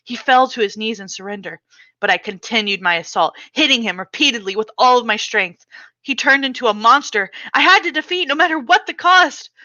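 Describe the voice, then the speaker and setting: Casting: a woman author reading her memoir aloud with a bright, crisp voice, expressive and dramatic, on a slightly dull recording. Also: on the high side, brisk, dry recording.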